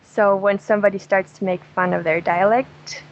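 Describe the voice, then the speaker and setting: A woman's voice: mid-range voice, steady tone, moderate pace, highs cut off. A woman from Germany with a German accent, a travel guest chatting casually in an interview, laughing often and telling jokes with gusto. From Dresden, Germany.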